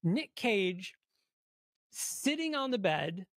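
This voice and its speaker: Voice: mid-range voice, slow pace, no echo, clean studio sound. A podcast co-host in casual chat, eagerly retelling movie scenes, swearing and acting out the characters' lines. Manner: animated retelling of scenes, swears, acts out quotes.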